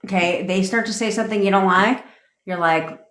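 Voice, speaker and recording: Woman, livestream coach, blunt and profane, fired-up rant, mid-pitched, roomy echo. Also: normal speed, fairly bright tone. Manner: reads and answers viewer comments. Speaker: manifestation coach. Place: home desk. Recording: roomy, echoey room sound.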